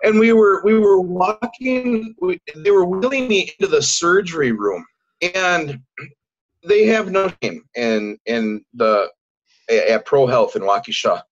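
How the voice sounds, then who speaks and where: A man with a slightly high voice tells his story as a guest in a relaxed interview. He stumbles, repeats words and slips into the voices of the people he quotes. The recording sounds dull and lo-fi. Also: unhurried. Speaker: podcast guest.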